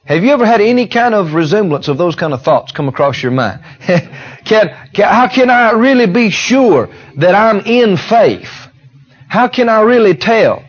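High-voiced preacher man, lo-fi. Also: sing-song, normal speed. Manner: emphatic, repetitive preaching with call-and-response questions. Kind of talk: sermon.

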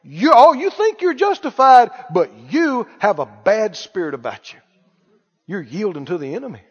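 Guy preaching, folksy and repetitive, really high lively voice. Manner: folksy storytelling, acts out dialogue, repeats phrases. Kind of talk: sermon. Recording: echoey hall, dull lo-fi sound.

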